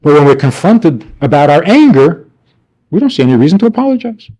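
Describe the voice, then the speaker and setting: A man teaching a class as a rabbi, animated and rhetorical, acting out the people he quotes. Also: a little high, brisk, husky. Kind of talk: lively classroom lecture. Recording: archival 1992 class recording.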